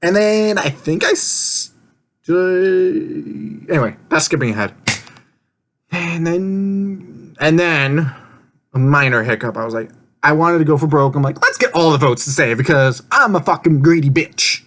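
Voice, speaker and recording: A man's voice: fairly high pitch, lively intonation, measured pace, a bit bright. A man casually recapping an online game he played, rambling and laughing often, swearing offhandedly and acting out his own quoted lines.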